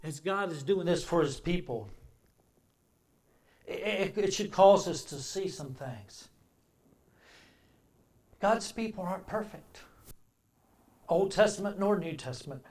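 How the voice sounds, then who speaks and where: High-voiced preacher. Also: male voice, expressive, takes it slowly, long pauses. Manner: dynamic preaching, swings from loud emphasis to quiet reflection. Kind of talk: sermon.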